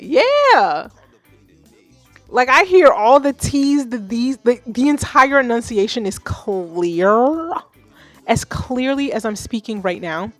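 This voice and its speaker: A woman of Haitian background hosting a live music feedback stream, blunt and animated, swearing freely. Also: fairly high pitch, no echo. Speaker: livestream host reviewing music. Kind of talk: casual livestream commentary.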